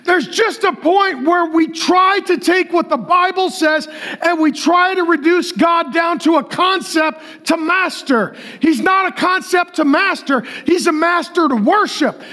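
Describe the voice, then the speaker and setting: A middle-aged man preaching to a large congregation, excitable and joking, often yelling as he talks. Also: very high-pitched, unhurried. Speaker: pastor. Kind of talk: energetic shouted sermon. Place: large church auditorium with a live congregation.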